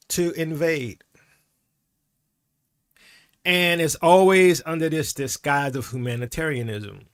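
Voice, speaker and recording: Brief: male commentator, animated and sarcastic, bright tone, swings his pitch a lot. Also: smooth. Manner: animated, sarcastic, keeps asking "right?". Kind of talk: opinionated commentary.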